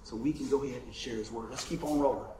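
A man preaching a sermon, telling stories in a lively way and calling out for amens from his congregation. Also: medium pitch, quick pace. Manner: lively storytelling, calls for amens. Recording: roomy echo.

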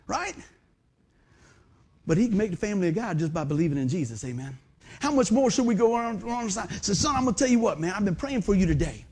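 A middle-aged man preaching a sermon, folksy and animated, full of rhetorical questions. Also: high voice. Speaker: pastor.

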